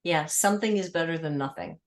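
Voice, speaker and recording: A woman's voice: sits low, fairly quick. A woman hosting a podcast, asking follow-up questions built from long lists of everyday examples. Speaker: podcast host. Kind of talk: conversational interview.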